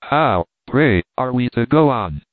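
A man's voice: medium pitch, expressive, measured pace, dry recording, lightly acted. Brief: male narrator doing a stiff, angry English reporter; mid-range voice, lo-fi phone-like sound. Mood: sullen. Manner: haughty, blustering. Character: gruff indignant English reporter, middle-aged man. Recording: tinny phone-like dry sound.

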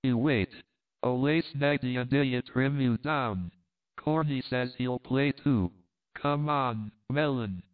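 A man's voice: mid-range voice, takes it slowly, natural voice. A man voicing a brash, boastful young man who talks in a cocky, eager way. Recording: tinny phone-like sound.

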